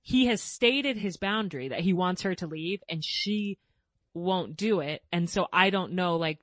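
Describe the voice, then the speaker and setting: A woman's voice: lowish voice, measured pace, a bit bright, no echo. A woman hosting an interview and speaking as a mother, open and thoughtful in casual chat. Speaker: host and mother.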